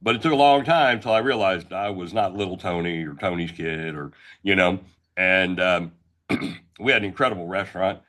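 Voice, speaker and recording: A loud, blunt middle-aged man from the Northeast of the US. His voice sits fairly low, and he tells his story in brash, casual talk-show style. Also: normal speed. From Northeastern United States. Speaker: guest entrepreneur.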